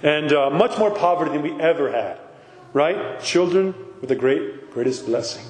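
Emphatic priest in an echoey hall. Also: male voice, fairly high pitch, normal speed. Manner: emphatic, with frequent rhetorical questions. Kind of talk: conversational sermon. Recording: echoey hall with faint background noise.

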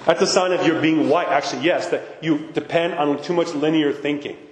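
A man's voice: a little high, fairly even intonation, brisk. A middle-aged man giving an impassioned talk to a parish gathering, emphatic and insistent, often checking with the audience. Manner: emphatic, keeps asking "right?" and insisting he is serious. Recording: echoey hall with long reverb.

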